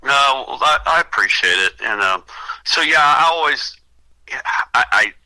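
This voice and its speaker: A man's voice: medium pitch, lively intonation, measured pace, bright, forceful tone, rough recording. An older man, a singer guest, telling rambling stories in a casual radio interview, often acting out what others said. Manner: rambling anecdotal storyteller with restarts and quoted voices.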